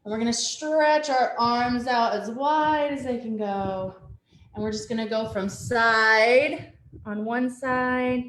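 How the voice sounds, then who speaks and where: Calm woman teaching yoga on a webcam. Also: on the high side, takes it slowly. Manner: gentle, calm instructions with soft laughs. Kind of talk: guided family yoga class. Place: at home, with a dog nearby. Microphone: webcam on a video call. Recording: roomy home room with faint background noise.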